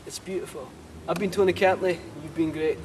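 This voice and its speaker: A man hosting a spoof town tour, talking outdoors in a rambling, deadpan way with swearing asides. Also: on the high side, brisk. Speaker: spoof town guide host. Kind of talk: mock-serious walking tour monologue. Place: outdoors in town streets, windy. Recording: windy outdoor sound, far from mic.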